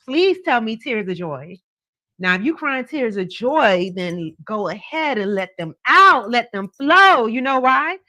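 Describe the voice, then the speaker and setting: A woman's voice: a little high, very animated, unhurried, sharp tone, no echo. A woman hosts a livestream, chatting casually and animatedly with viewers and answering their comments. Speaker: tarot reader livestream host. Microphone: camera on a stand.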